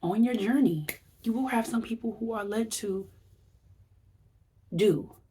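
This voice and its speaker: A woman's voice: on the high side, a little slow, warm tone, a little hiss or hum. A woman wellness vlogger giving a chatty, rambling recap, acting out her reactions as she talks. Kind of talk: casual vlog recap.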